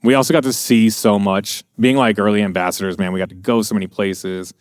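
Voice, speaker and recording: A man's voice: on the low side, steady tone, brisk, clear, resonant tone, no room sound, clean studio sound. A middle-aged American man telling profane, rambling anecdotes in a casual podcast chat. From USA. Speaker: podcast guest. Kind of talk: casual storytelling.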